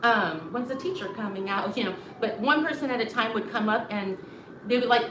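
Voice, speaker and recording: Animated woman telling stories, roomy and distant. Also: fairly high pitch, brisk. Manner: animated, acts out quotes, many fillers. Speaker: host. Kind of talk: casual storytelling while cooking. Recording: roomy, distant mic, background noise.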